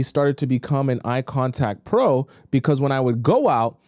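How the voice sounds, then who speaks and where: A man's voice: medium pitch, mellow. A man talks through dating advice as he reacts to clips on a live stream. He is chatty and emphatic and often repeats himself. His voice is close and dry, with no room echo. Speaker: dating coach.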